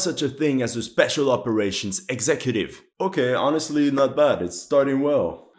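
A man and amateur historian giving lively reaction commentary on a war game, often exclaiming, laughing and sounding incredulous. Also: medium pitch, moderate pace.

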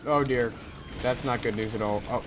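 A man narrates a co-op shooter with friends in a loose, chatty way. His voice sits at an ordinary middle pitch, and his talk is jokey and full of quick exclamations. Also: steady tone, over a noisy crowd, low-quality recording. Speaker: gamer. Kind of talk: casual co-op gameplay commentary.

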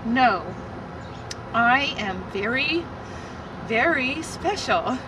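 A woman's voice: high voice, lively intonation, very slow, recorded from a distance, noisy background. A woman ventriloquist speaking in a prim, earnest, patient way. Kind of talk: comedy ventriloquist act.

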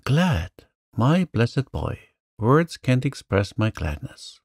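A man's voice: mid-range voice, big pitch swings, slow pace, vocal fry, a little mellow, breathy edge, no room sound, studio quality, exaggerated voice. A man voicing a spirited, blunt young woman in a storybook reading, exclaiming and teasing. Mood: joyful.

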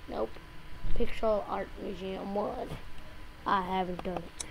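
Slow-talking woman with loud background noise. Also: mid-range voice, steady tone, vocal fry. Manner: rambling, yelps and shouts at game deaths. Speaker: gameplay video host. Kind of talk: casual gameplay commentary.

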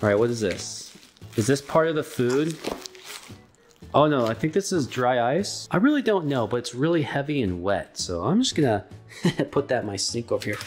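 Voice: mid-range voice, big pitch swings, moderate pace, faint music behind. A casual vlogger talking through a cooking video at home on a handheld camera, rambling and slipping into baby talk with a pet dog. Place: house, indoors.

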